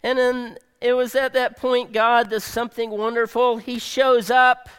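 A male pastor delivering a sermon, swinging dramatically between loud emphasis and soft near-whispers. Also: extremely high pitch, flat delivery, measured pace, clean tone, in a large hall.

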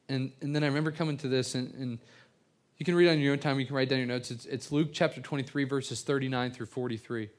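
A man's voice: mid-range voice, steady tone, fairly quick. Earnest man preaching a sermon. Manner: earnest storytelling with many repeated words and restarts. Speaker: pastor. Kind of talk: evening sermon.

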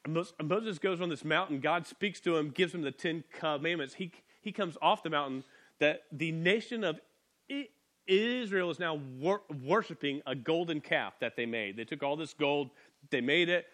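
Animated man preaching a sermon. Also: on the high side, normal speed. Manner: conversational, animated, acts out voices. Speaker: pastor.

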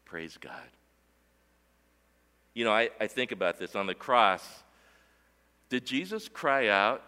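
A man preaching a sermon in a church worship center, with emphatic, deliberate delivery that swells and drops for emphasis. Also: on the low side, expressive, sharp tone, smooth, big-room sound. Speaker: pastor.

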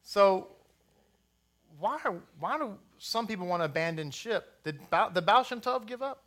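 A man's voice: sits high, expressive, unhurried, fairly bright tone. A man preaching a sermon as rabbi, blunt and rousing, with jokey asides to the congregation.

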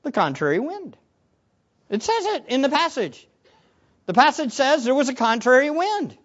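A man preaching a sermon as pastor, animated, swinging between quiet asides and loud emphatic lines. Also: extremely high pitch, moderate pace. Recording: dull lo-fi recording.

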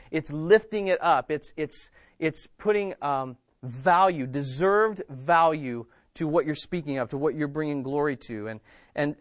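A man's voice: a little high, dry recording, studio quality. A man preaching a sermon in a church as pastor, emphatic and repeating words with frequent restarts.

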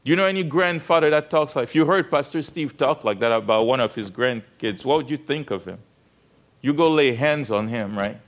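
A man's voice: mid-range voice, expressive, a little fast. A man preaching a sermon, retelling a story with rhetorical questions to the congregation and frequent restarts. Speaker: pastor.

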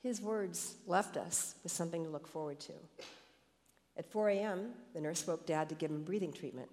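A woman's voice: sits low, a little fast, darkish tone, in a large hall. A woman reading a personal story aloud expressively to a congregation. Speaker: scripture reader.

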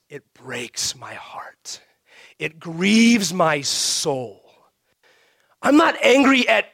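Emphatic higher-voiced male pastor preaching. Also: no room sound, clean studio sound. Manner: emphatic, swings from raised emphasis to hushed near-whisper. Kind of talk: sermon.

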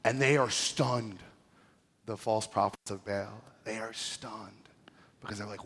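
A man's voice: lowish voice, fairly even intonation, a little slow, a bit bright, slightly rough. A male pastor preaching a sermon in a casual, joking, slangy way. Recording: echoey hall with long reverb.

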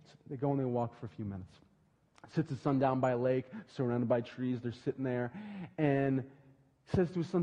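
A man preaching a sermon, telling a story with lively, acted-out dialogue. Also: high voice, brisk. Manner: animated storytelling, acting out dialogue in lively voices. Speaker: pastor. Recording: dull lo-fi sound with long hall reverb.

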